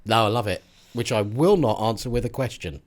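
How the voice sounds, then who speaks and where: Podcast co-host: woman, low-pitched for a woman, very lively pitch, playful and rambling. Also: a little fast. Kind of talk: casual chat.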